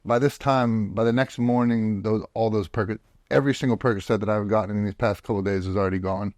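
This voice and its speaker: Blunt, low-voiced male podcast guest. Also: steady tone, quick pace, a little mellow, no echo, clean studio sound. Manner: blunt and profane, with frequent restarts. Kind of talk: casual storytelling. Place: home office.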